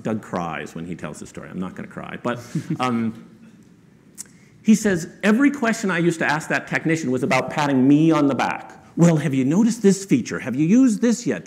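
A man telling a story to an audience as a guest speaker. He talks in a conversational way, often adds "right?", and raises his voice to quote people. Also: medium pitch. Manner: conversational with frequent rhetorical "right?".

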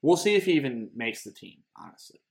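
Male sports podcast co-host, mid pitch, casual and argumentative. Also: sing-song, fairly quick, creaky. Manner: argumentative, hedging with "like".

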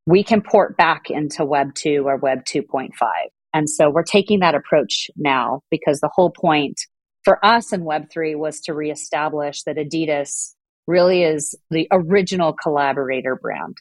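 Guest exec, woman, middle-aged, fluent and articulate, low pitch. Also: moderate pace, no echo. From Southern California. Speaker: guest executive. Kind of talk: podcast interview answers.

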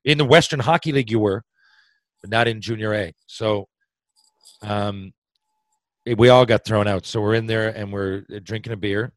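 A man from Newfoundland, Canada, with a Newfoundland accent, appears as a podcast guest telling a long hockey story, rambling, restarting sentences, swearing casually and laughing easily. His voice is lowish and his speed normal, with frequent pauses. The recording is low quality but has no echo.

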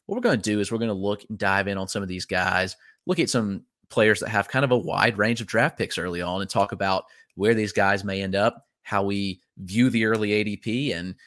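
A man with a Southern US accent hosting a podcast, running through the show's housekeeping in a brisk, upbeat way. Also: on the low side, fairly bright tone, no room sound, studio quality. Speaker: podcast host. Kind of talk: casual chat.

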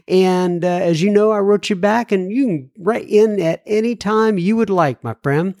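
A man's voice: sits high, normal speed, no room sound, clean studio sound. A man, hosting a podcast and chatting casually between listener letters. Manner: chatty, warm asides between read letters. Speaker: podcast host reading listener mail.

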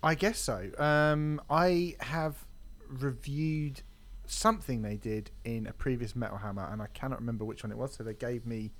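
A man's voice: medium pitch, normal speed. A man co-hosting a music podcast and reviewing albums, with wry jokey banter. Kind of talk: casual chat about music.

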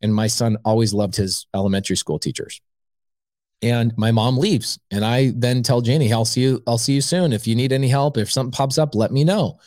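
Man telling a lively story, dry sound. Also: medium pitch, brisk, no echo. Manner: animated storyteller acting out both sides of a conversation. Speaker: podcast guest, real estate investor. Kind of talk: storytelling anecdote in an interview.

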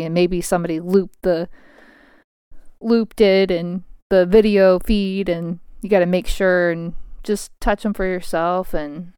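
A woman's voice: fairly low pitch, a little mellow, clean tone, no echo, studio quality. A woman in her thirties talking frankly at her home desk, venting in a casual solo monologue and swearing freely.

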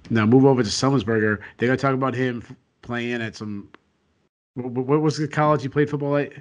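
A man's voice: medium pitch, steady tone, a little fast, highs cut off. A man co-hosting a sports podcast late at night, sounding sleepy and giving casual, rambling fight analysis full of restarts. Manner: rambling, filler-heavy, frequent restarts. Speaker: co-host and analyst.

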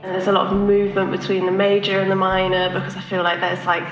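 Brief: female songwriter, reflective and halting, heard from a distance in a roomy space. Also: mid-range voice, monotone, muffled recording, faint music behind. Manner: hesitant, reflective, many restarts. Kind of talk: interview answers.

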